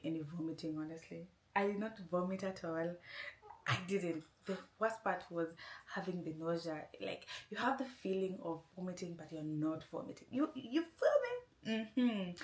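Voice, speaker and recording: A woman vlogger casually telling a long personal story, rambling and often saying "anyway". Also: fairly low pitch. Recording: roomy echo.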